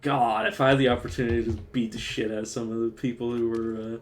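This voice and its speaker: A man's voice: mid-range voice, little pitch movement, quick pace. A young man streaming live, chatting casually with lots of swearing, fillers and restarts. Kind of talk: casual rambling chat while gaming.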